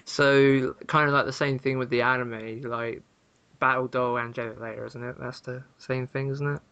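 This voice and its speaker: A man chatting with friends, who laughs often and keeps steering the talk with questions. His pitch is ordinary for a man. The recording is dry, with no room sound. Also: fairly even intonation, moderate pace, sharp tone, clean tone, dry recording, lo-fi sound. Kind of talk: casual chat.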